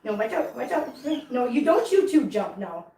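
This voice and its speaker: A woman vlogging at home with her cats, switching between soft baby talk to kittens and chatty asides to viewers. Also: fairly high pitch, big pitch swings, moderate pace, echoey room, rough recording. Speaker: cat channel vlogger. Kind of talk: casual vlog chat.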